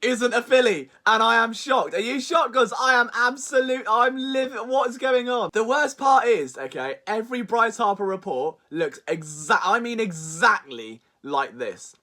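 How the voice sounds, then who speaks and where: A man's voice: extremely high pitch, expressive, a little slow, few pauses, sharp tone. A young man hosting a sports vlog, delivering a sarcastic, exasperated, mock-dramatic rant. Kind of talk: comedic sports rant to camera.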